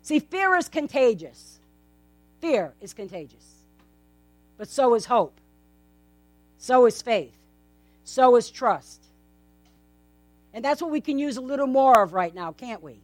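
A woman's voice: a little high, very animated, measured pace, pauses often, darkish tone, dry recording. A woman preaching a sermon in a casual, conversational way, often asking her congregation rhetorical questions. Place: in front of a gathered congregation.

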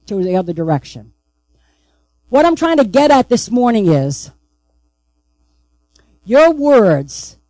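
A woman's voice: mid-range voice, warm tone, dry recording, poor audio. A woman pastor preaching a sermon, emphatic and repeatedly asking the congregation "right?".

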